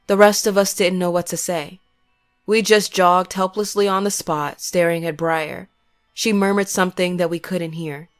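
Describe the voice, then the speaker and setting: A woman giving scripted first-person horror narration in a measured, grim way. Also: on the low side, soft background music.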